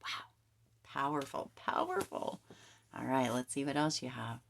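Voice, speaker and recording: A woman giving a tarot reading to camera, talking in emphatic, repetitive coaching phrases and now and then dropping to a soft near-whisper. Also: rumbling low, wildly swooping pitch, normal speed, creaky, slight background noise. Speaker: tarot reader.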